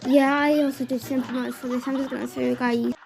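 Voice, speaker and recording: High-voiced chatty woman gaming commentator. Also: quick pace, creaky, a little hiss or hum. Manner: chatty, excitable, rambling. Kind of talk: casual game commentary voice-over.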